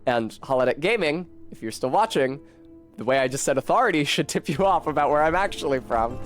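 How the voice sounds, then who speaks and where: A man's voice: fairly high pitch, expressive, fairly quick, soft background music. A talkative man with a Philadelphia-tinged accent, chatting casually and info-dumping while streaming a game, swearing now and then.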